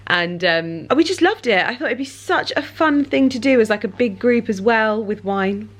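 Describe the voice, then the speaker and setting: A young woman chatting casually in a vlog, animated, with bursts of high baby talk to her dog. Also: normal speed. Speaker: vlogger.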